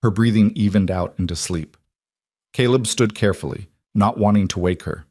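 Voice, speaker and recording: Low, dry-voiced male storyteller. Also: dry recording. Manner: calm, measured storytelling. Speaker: narrator. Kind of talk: scripted audiobook narration.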